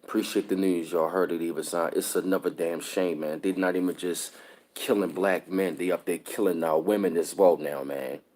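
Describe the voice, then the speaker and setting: Male streamer, very low pitch, somber and disturbed, rambling casual delivery. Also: fairly even intonation, normal speed, darkish tone. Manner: repetitive, somber, greets chat viewers mid-sentence. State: upset and disturbed. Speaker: live stream host. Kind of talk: casual live stream talk.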